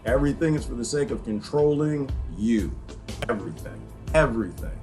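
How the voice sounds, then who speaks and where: An excitable man hosting a rambling livestream commentary, laughing often and restarting his words. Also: mid-range voice, a little fast, soft background music. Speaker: livestream host.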